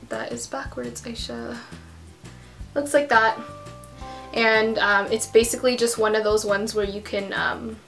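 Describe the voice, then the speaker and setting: A woman's voice: a little high, a bit bright. A young woman vlogger talking casually through a tutorial at home, full of "um" and "like" fillers. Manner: chatty, many fillers like um and like.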